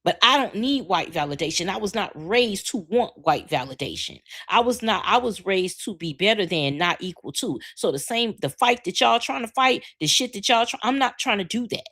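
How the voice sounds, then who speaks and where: A woman's voice: mid-range voice, moderate pace, hardly any pauses. A woman in her forties hosting a live podcast, ranting bluntly with lots of swearing while reacting to viewer comments. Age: 40s. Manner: blunt, profane, animated rant. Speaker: podcast host. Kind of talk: casual live-stream talk, reading viewer comments.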